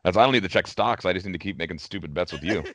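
A man's voice: low voice, racing, a bit bright, no room sound. A man co-hosting a casual gaming podcast, with a dry, sarcastic way of talking. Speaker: podcast co-host.

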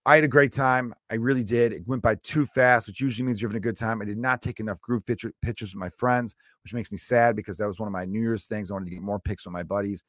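A man's voice: fairly low pitch, fast, few pauses, no room sound, clean studio sound. Joking male comedian hosting a podcast. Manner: rambling, joking, animated asides. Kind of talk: solo comedic podcast monologue.

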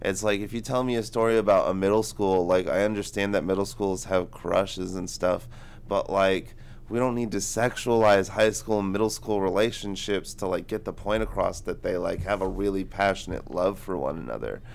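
A man's voice: low voice, normal speed, gravelly, clean tone. A man in his twenties co-hosting a book podcast, rambling casually with lots of filler words. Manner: rambling, heavy use of "like". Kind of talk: casual chat.

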